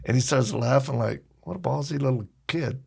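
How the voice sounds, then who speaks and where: A man with a strongly gravelly, creaky voice tells stories in a relaxed conversational tone. He is a podcast guest, and he brings his stories to life by acting out the people in them. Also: mid-range voice, fairly quick. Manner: animated storyteller, acts out quoted voices. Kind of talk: casual storytelling.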